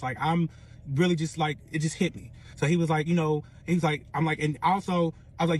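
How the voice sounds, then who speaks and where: A man's voice: fairly high pitch, fast talker, slightly rough. A young man telling a personal story in casual, profane speech, acting out the other people's lines as he goes. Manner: profane, animated retelling with quoted dialogue.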